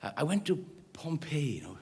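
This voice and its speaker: A man's voice: on the high side, very animated, a little fast, a little mellow. A Welsh man telling rambling anecdotes between songs on a concert stage, with frequent restarts. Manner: chatty, rambling, restarts often. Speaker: singer and storyteller on stage. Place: concert stage before an audience. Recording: live hall reverb with music.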